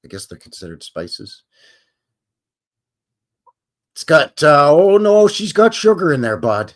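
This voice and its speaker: A man's voice: on the high side, sing-song, normal speed. A man from Canada hosting a casual live stream, rambling and joking with his chat. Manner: rambling, jokey, chuckles to himself. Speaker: livestream host.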